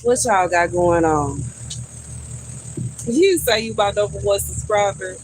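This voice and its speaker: A chatty host streaming live from outdoors by a garden, talking straight to the viewers. The delivery is unhurried and drawn out, full of gripes and easy laughs. Faint crickets and passing cars sit under the voice. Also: mid-range voice, animated, a little hiss or hum, low-quality recording. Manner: chatty and frank, complains and laughs easily, talks straight to viewers. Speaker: livestream host. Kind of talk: casual livestream chat. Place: outdoors by a garden on a hot day.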